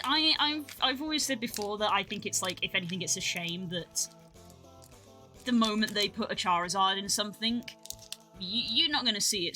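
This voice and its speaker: A woman streaming, chatting casually as she opens trading cards, breaking into excited exclamations. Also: mid-range voice. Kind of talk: casual live-stream card-opening commentary.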